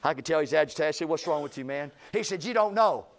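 Man, pastor, sermon storytelling, acts out voices, fairly high voice. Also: very fast. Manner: animated, acts out quoted speech with rising intensity.

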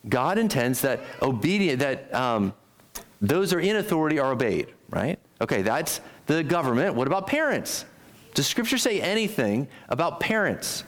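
Pastor guy preaching, kinda high voice, swoops all over the place, throws questions at the room. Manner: animated preaching, asks the congregation questions; acts out quoted speech with sharp jumps in pitch. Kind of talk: sermon.

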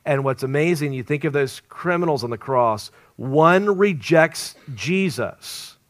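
A man preaching an evangelistic sermon at a church service, swinging between loud emphasis and hushed, near-whispered lines. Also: fairly high pitch, animated, measured pace.

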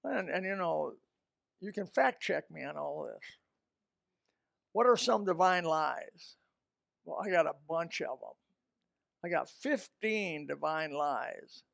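A man preaches with a gravelly, fry-edged voice that sits high for a man. He is emphatic, jumping from loud bursts to low asides, and the close mic sounds dry with no room. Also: expressive, slow, pauses often, no echo. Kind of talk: sermon.

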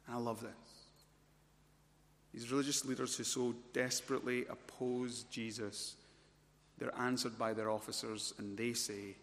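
A man preaching an expository sermon, working through a passage and getting louder and higher when he presses a point. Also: flat delivery, normal speed, pauses often. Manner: rises to loud, high-pitched emphasis when stressing points. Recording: long hall reverb.

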